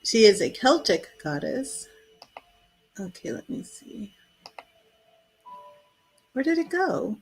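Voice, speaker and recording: A woman's voice: on the high side, big pitch swings, slow pace, creaky, long pauses, breathy edge, faint music behind, poor audio. A woman hosting a live-streamed tarot reading, chatting casually, laughing often and reading card messages aloud. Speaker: tarot reader.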